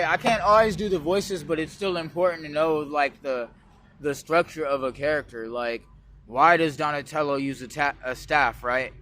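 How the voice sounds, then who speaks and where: A man's voice: a little high, fairly bright tone, slight background noise. A man from West Oakland vlogging outdoors, rambling loosely with profane street slang. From West Oakland, California. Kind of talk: rambling casual monologue.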